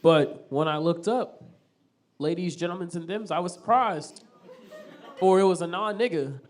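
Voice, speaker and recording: A man's voice: high voice, a little hiss or hum. A man from Tulsa performing a stand-up comedy set in a small theater. He tells crude stories full of swearing and riffs with the crowd. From Tulsa, Oklahoma. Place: small theater stage before a live audience.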